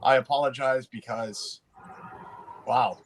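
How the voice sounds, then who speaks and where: A man talks loosely to his livestream audience, greeting viewers by name. He rambles, restarts his sentences and laughs often. His voice sits in a middle pitch. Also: steady tone. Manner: rambling, self-interrupting, quick to laugh. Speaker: livestream host. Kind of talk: casual livestream chat.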